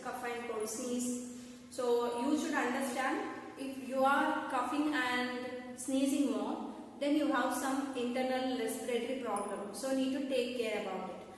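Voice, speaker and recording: Indian lady teacher, telugu accent, high voice, far off mic in a big echoey room, keeps asking understood?. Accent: Indian English, Telugu-speaking. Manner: repetitive, checks understanding with questions. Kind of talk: classroom science lesson.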